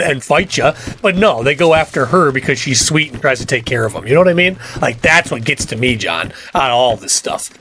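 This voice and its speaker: A man's voice: on the high side, a bit bright, slight background noise. A middle-aged man, chatting casually on a game livestream and ranting with cussing. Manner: fired-up ranting with cussing and laughs. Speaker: livestream gamer.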